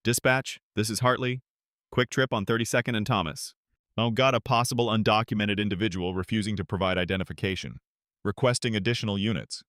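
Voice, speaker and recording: A man's voice: on the low side, fairly even intonation, fairly quick, fairly bright tone, no room sound, clean studio sound, natural voice. A man voicing a curt, hostile male federal immigration agent who talks in blunt commands. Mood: radio report.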